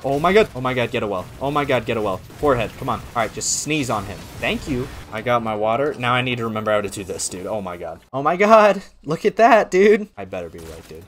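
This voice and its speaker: A man giving live commentary on his own gameplay, excitable and sarcastic, often swearing, muttering and cursing at his bad luck. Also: mid-range voice, fast talker, few pauses, slight background noise. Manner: self-deprecating, sarcastic. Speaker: gaming content creator.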